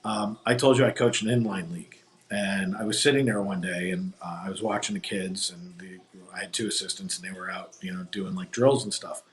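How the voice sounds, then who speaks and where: A man chats casually on a live stream, drifting through long anecdotes full of ums and restarts. His voice sits a little low. He was recorded outdoors on a phone rig. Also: fairly even intonation, fairly quick, hardly any pauses. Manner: rambling storyteller, many fillers. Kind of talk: casual chat. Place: outdoors at a theme park. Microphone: phone on a gimbal.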